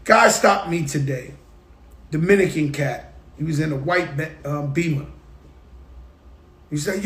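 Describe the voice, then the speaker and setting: A man with a high voice hosts his own show, spinning animated stories and sometimes acting out the sounds. He talks in a loose, casual monologue. The room rings with noticeable echo. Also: normal speed, long pauses. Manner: animated, tells stories with hype and sound effects. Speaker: show host. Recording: roomy echo.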